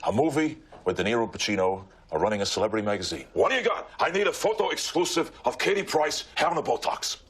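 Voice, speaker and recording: A Welsh man doing a raspy, hot-tempered tough-guy impression, swinging between mutters and barks. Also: mid-range voice, very animated, fast talker, hardly any pauses, pitched above the performer's own voice. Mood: heated. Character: hot-headed gravelly American tough-guy, middle-aged male. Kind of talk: comic impression at a dinner table.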